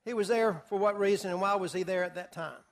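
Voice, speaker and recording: A man preaching through a Bible passage verse by verse, telling the story in a lively way and putting questions to his listeners. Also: high voice, quick pace. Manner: animated storyteller, asks the audience questions. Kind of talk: expository Bible teaching.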